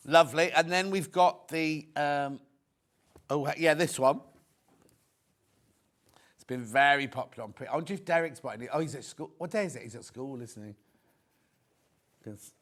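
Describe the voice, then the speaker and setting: A man's voice: fairly high pitch, moderate pace, pauses often, a bit bright. A middle-aged man hosting a live shopping show, chatting and joking as he rambles into anecdotes between prices. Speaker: shopping channel presenter.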